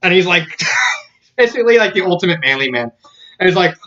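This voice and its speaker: A man's voice: high voice, expressive, fairly quick, pauses often, pushed and bright. A man casually reviewing a story, laughing often in disbelief and using many fillers. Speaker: fan fiction reviewer. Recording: dull lo-fi audio.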